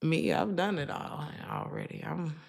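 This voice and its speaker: A woman's voice: sits low, a little slow, gravelly. Sassy, chatty woman tarot reader. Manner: chatty, sassy and animated, with frequent laughs. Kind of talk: casual live-stream tarot reading.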